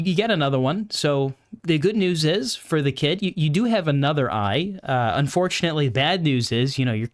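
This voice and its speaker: A young man hosting a podcast, giving opinionated political commentary in a sarcastic, mocking way. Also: on the high side. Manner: sarcastic, mocking, animated with put-on quote voices. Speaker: podcast host.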